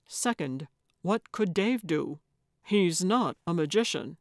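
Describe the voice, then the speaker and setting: A woman's voice: fairly low pitch, animated, takes it slowly, dry recording, clean studio sound. A woman voicing a weary older man in a mystery audiobook, grumbling and tired. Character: weary older man, reluctant senior sleuth.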